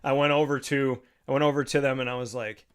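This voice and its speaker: A man's voice: medium pitch, little pitch movement, quick pace, clean tone. A man hosting a sports talk show in a playful, hyped-up, casual way, often laughing. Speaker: podcast host. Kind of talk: casual chat.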